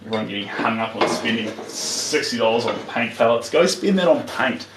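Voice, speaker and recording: A man's voice: medium pitch, lively intonation, brisk, far from the mic, noisy background. A man with a New Zealand accent chatting casually to live viewers while he paints, trailing off as he works. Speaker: artist streaming live. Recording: roomy, mic set back from speaker.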